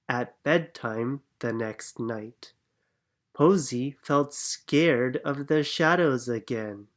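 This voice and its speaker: A reader narrating a children's picture book aloud in a calm, clear manner. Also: mid-range voice, drawn-out words. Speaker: storybook reader.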